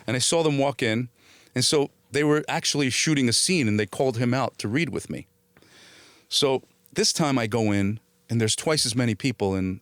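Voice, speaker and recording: A man's voice: mid-range voice, dry recording. A middle-aged man born in Italy and raised in New Jersey, telling a story in a casual interview, acting out the other voices and swearing freely. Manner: animated, acts out quoted voices, swears freely. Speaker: actor guest.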